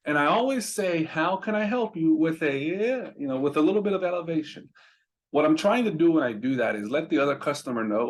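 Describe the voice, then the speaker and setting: Chatty man coaching phone skills. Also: medium pitch. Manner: conversational, repeats words, asks "right?" often. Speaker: roadside business trainer. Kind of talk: casual instructional talk.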